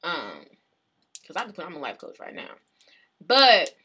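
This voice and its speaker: Young woman, podcast co-host, casual argument, animated, very lively pitch. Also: measured pace, husky. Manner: animated, argumentative, laughs often. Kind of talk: casual chat.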